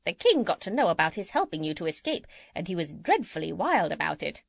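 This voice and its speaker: A woman's voice: lowish voice, brisk, vocal fry, dry recording, heavily acted. A woman reading an audiobook and voicing a chatty, gossipy female parrot. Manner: lively, chattering storytelling. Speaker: audiobook reader. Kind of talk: children's audiobook character reading.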